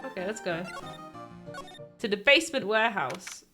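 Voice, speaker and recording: A woman voicing a dry, wry young male lawyer in a lowered, flat delivery. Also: moderate pace, over music, lightly acted. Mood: deadpan.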